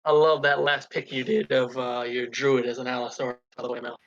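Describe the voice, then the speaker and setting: A man's voice: medium pitch, level tone, fairly quick. A man chatting eagerly with friends before a tabletop game session. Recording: dull, dry voice-call audio.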